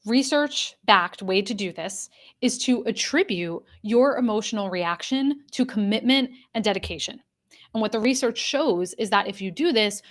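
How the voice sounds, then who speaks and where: An earnest woman coach leads a live online class, her pitch sitting in an ordinary middle range. She speaks straight to the people in the chat and repeats her main points so they sink in. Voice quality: addresses a live chat audience directly. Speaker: executive coach. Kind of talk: live online workshop talk.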